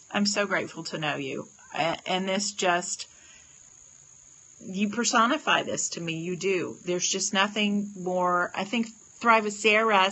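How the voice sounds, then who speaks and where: A woman's voice: mid-range voice, pushed and bright, rough recording. A woman hosting a casual livestream oracle card reading, gushing with praise and talking to viewers by name.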